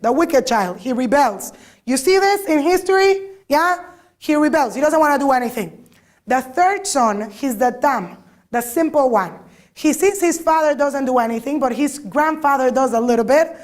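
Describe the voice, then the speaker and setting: A woman giving an informal talk to a group, lively and always asking her listeners questions. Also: high-pitched, normal speed. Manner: lively, asks the audience many questions. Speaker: lecturer.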